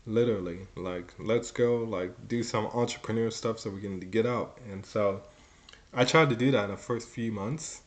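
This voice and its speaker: A man's voice: on the low side, moderate pace. A young man in his twenties telling his own story in a rambling, casual way, full of "like" and "you know" and some swearing.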